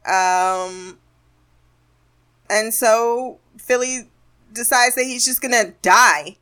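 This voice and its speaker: A woman's voice: on the high side, extremely slow, long pauses, bright, forceful tone. A woman hosting a podcast, giving a casual, sarcastic review of an episode, often laughing and acting out quotes. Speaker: podcast host.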